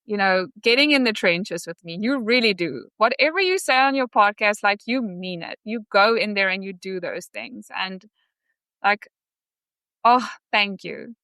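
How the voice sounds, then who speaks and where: A woman's voice: medium pitch, animated, a little slow, sharp tone, smooth, dry recording. A woman, a mother, talking as a podcast guest in an effusive, grateful, chatty way. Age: adult with a young son. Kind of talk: casual interview chat.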